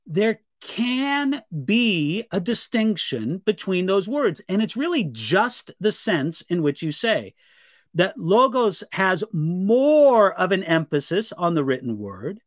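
High-voiced man, a pastor, answering questions. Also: no room sound, studio quality. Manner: earnest, measured, reads viewer questions aloud. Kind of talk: live Q&A teaching.

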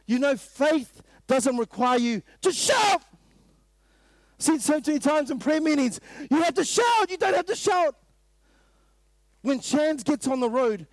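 A man with a New Zealand accent preaching a sermon at a morning prayer meeting, emphatic and full of repeated rhetorical questions, now and then rising to a loud burst. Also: extremely high pitch, no echo.

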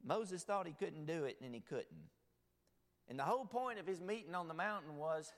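Animated preacher in a reverberant church. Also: male voice, fairly high pitch, normal speed. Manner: animated, swings from loud to hushed. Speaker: pastor. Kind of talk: sermon. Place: church sanctuary. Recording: long hall reverb.

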